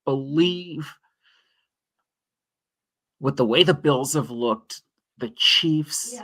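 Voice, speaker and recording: A man's voice: a little high, very slow, pushed and bright. A man co-hosting a sports stream, starting hesitantly and then analyzing the playoff picture. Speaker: co-host. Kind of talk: casual sports talk stream.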